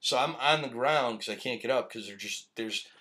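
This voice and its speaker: A man's voice: mid-range voice, moderate pace, bright, forceful tone. Rambling profane man telling stories. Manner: profane, rambling, laughs often. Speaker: podcast host. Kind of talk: casual storytelling chat. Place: live-streamed podcast.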